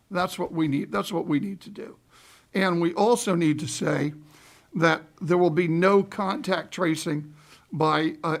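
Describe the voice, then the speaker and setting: Brief: school board member, folksy and emphatic, high voice with gravel in it. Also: male voice, a bit bright. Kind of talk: public meeting remarks. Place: meeting room.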